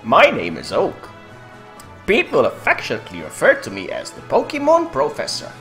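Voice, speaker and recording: A streamer voicing a kindly elderly male Pokemon professor in a hammy, booming game-read impression. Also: huge pitch swings, normal speed, a bit bright, faint music behind. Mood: welcoming.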